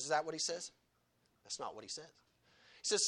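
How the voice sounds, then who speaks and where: A man's voice: a little high, animated, fairly quick, long pauses, bright, forceful tone. A man preaching a sermon in church, emphatic and firing rhetorical questions at the congregation.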